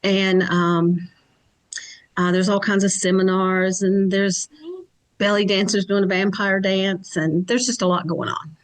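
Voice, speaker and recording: A woman's voice: mid-range voice, flat delivery, a little slow. Easygoing woman from Kentucky, guest chat. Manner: easygoing, chatty, lots of soft agreeing hums. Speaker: podcast guest, psychic channel and event organizer. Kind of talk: casual chat.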